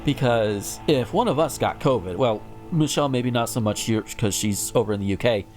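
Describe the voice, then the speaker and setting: A man's voice: mid-range voice, expressive, fairly quick, darkish tone, soft background music. A man from the United States hosting a podcast and ranting profanely in casual chat. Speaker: podcast host.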